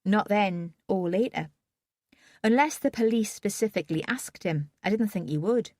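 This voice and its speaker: A woman's voice: mid-range voice, lively intonation, normal speed, darkish tone, no echo, clean studio sound. A woman reading a first-person audiobook in a subdued, wry manner. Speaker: audiobook narrator.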